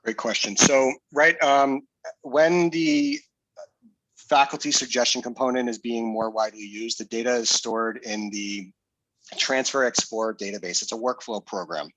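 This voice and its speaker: A man's voice: medium pitch, steady tone, moderate pace, a bit bright, no echo, poor audio. Male presenter, conversational and explanatory, dry close-miked sound. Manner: explanatory, casual, with fillers and restarts. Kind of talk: screen-share software demo.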